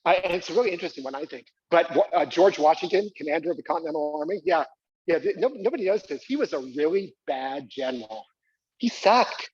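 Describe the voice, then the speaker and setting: A man's voice: on the high side, lively intonation, fairly quick, husky, no echo, lo-fi sound. Exuberant man performing a comic stage monologue. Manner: exuberant, squealing with delight, coaxing the audience. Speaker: solo performer. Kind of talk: live comic stage monologue with audience participation. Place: small live venue.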